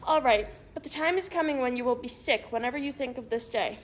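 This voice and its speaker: A woman's voice: sits high, brisk, faint music behind, lightly acted. A woman voicing a blunt, accusing male town doctor in a storybook reading. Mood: angry.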